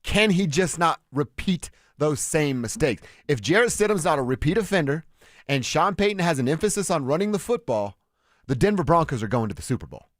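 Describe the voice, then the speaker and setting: An excitable male sports radio host from Colorado whose lively voice jumps around as he gets fired up. He sounds dry and close to the studio mic. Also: on the high side, brisk, dry recording. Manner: excitable, animated, restarts a lot. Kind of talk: casual sports talk.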